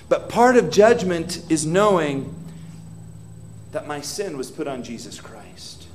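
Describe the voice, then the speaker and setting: A man's voice: high voice, sing-song, slow pace, a little hiss or hum. Man preaching a dramatic sermon. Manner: dramatic, voices prayers aloud with rising intensity; asks the congregation questions directly. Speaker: pastor. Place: church hall.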